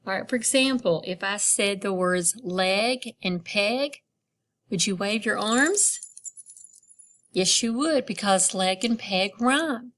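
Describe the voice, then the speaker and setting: A woman teaching a phonics lesson to young children online, stretching out each word and praising warmly. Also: mid-range voice. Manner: slow, drawn-out word modeling with encouraging praise.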